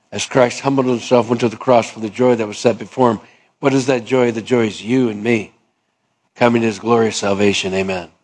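A male pastor preaching a sermon in a conversational way, acting out both sides of little dialogues. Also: medium pitch.

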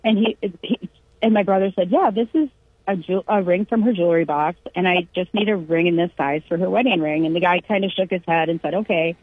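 A woman with a slightly low, husky voice tells a family story in easygoing conversation, slipping into the voices of the people she quotes. The sound is dry and tinny, like a phone line. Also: brisk, dry recording. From California. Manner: animated anecdote-telling, acts out quotes. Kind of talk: casual chat.

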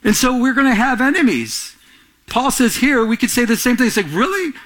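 A man preaching a sermon, animated, acting out quotes in a raised voice and often restarting his phrases. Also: extremely high pitch, brisk. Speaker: pastor.

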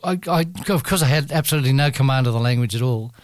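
A man spins a loose, meandering anecdote, stumbling over restarts and breaking into laughter often. His voice sits at an ordinary middle pitch and comes across close and dry, with no room sound around it. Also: fast talker, no room sound. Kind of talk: anecdotal storytelling.

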